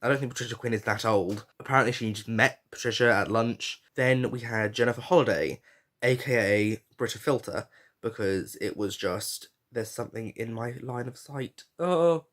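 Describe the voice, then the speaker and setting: Frank and prone to swearing, a podcast host chats casually about a reality show, with fillers and frequent restarts. He has a mid-range voice with a fairly bright tone and keeps a moderate pace.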